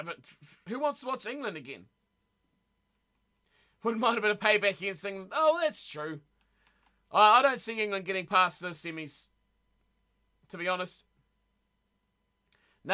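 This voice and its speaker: Chatty high, bright-voiced male streamer. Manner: chatty, reacts to chat, repeats words. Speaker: streamer reading live chat. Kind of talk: casual live-stream chat.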